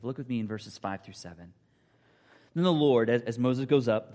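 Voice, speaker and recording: A man preaching a sermon, emphatic and repetitive, swinging between loud declarations and near whispers. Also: lowish voice. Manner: emphatic, repeats phrases, drops to near whispers. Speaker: pastor. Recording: long hall reverb.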